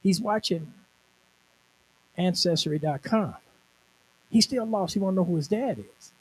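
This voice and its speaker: Brief: male minister in his sixties, emphatic testimony sermon, fairly high pitch. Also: measured pace, low-quality recording. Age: 60s. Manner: conversational storytelling, emphatic. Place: conference venue.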